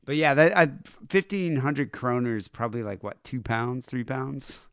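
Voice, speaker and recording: Laid-back podcast host. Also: male voice, mid-range voice, moderate pace, clear, resonant tone, dry recording, clean studio sound. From United States. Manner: relaxed, rambling, casual swearing. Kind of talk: casual chat.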